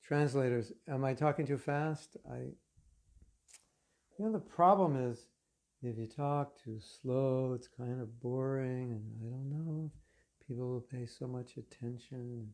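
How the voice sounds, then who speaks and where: A man giving a spiritual lecture to an online class, telling stories in an animated, conversational way with casual fillers. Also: mid-range voice, takes it slowly. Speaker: spiritual teacher.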